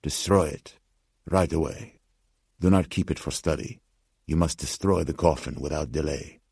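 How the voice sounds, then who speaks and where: Man voicing an anxious old pawnbroker, Slavic-tinged accent, deep, grave and measured. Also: creaky, husky, no room sound, clean studio sound, full character voice. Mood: urgent hushed. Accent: Slavic-tinged, as put on. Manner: slow, grave, hushed insistence.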